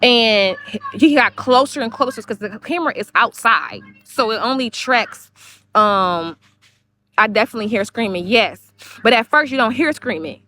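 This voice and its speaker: A woman's voice: a little high, lively intonation, moderate pace, pushed and bright. A woman on a livestream, telling a long story in a rambling way, cursing and repeating herself. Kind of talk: heated livestream monologue.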